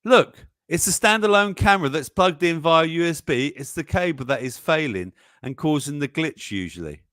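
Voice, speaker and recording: A man's voice: fairly high pitch, lively intonation, normal speed, fairly bright tone, no echo, clean studio sound. A man, co-hosting a live chat show, telling stories and laughing often. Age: 60s. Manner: chatty, laughs often, tells stories animatedly. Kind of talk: casual chat reading viewer comments.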